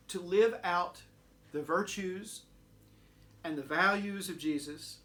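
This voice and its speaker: Lively high-voiced preacher. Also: male voice. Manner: rhetorical questions, swelling then dropping to a hush. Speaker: pastor. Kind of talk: sermon.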